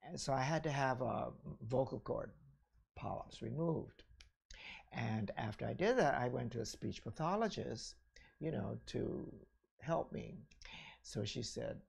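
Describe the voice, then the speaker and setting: Gravelly older man reminiscing casually. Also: mid-range voice, lively intonation, a little slow. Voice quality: gravelly, husky. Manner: chatty, rambling, frequent "you know" and "all right?". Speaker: ballet teacher recounting his career. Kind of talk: casual memoir talk.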